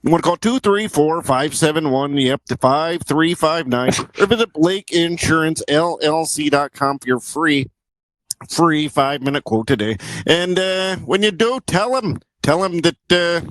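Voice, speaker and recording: A man hamming up a folksy northern-US insurance pitchman. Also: animated, a little slow, no echo, low-quality recording. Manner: hammy, jumbled mock accent with folksy fillers. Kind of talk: joke ad read.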